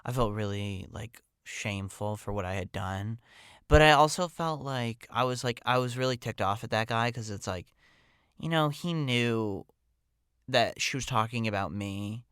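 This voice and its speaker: Male podcast storyteller, chatty and meandering, crisp bright tone, close dry sound. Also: medium pitch, moderate pace, no echo. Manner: rambling, full of "like" and "um". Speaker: podcast host telling a personal story. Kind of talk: casual storytelling monologue.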